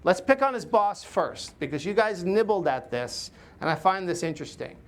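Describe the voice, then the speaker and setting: A man's voice: sits high, lively intonation, moderate pace. Middle-aged man, workplace coach, emphatic storytelling, frequent fillers, lots of tag questions. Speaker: podcast host and workplace coach. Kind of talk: podcast intro and recorded workshop talk.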